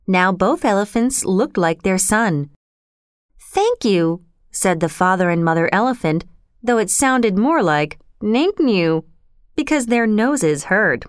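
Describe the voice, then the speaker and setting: A woman reading a children's storybook aloud in an expressive, storytelling way. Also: medium pitch, unhurried, clear, resonant tone, dry recording, studio quality. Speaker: narrator.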